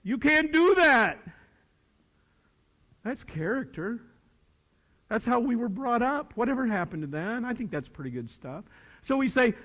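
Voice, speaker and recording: A man in his sixties, a retired teacher, gives a folksy, plainspoken talk to high school students, swinging from loud to hushed. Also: expressive, moderate pace. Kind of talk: motivational speech to students. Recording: long reverb of a large hall.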